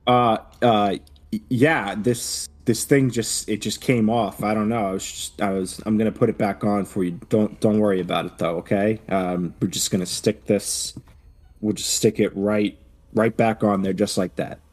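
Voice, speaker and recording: A man's voice: lowish voice, steady tone, moderate pace, a little mellow, close to an everyday voice. A man playing a flustered clumsy guy. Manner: stammering, defensive. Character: clumsy, flustered man who broke a machine. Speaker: tabletop game player. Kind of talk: in-character tabletop role-play.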